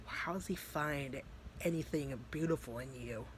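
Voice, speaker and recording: A man doing a quiet, cold-taunting demon. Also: a little high, normal speed, breathy edge. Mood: menacing. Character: menacing male demon possessing a boy.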